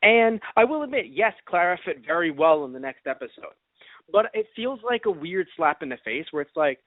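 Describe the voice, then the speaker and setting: A man co-hosting a casual podcast, talking in an animated way and acting out mock quotes. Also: high-pitched, normal speed, no room sound. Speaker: podcast co-host. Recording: dry, phone-like narrow sound.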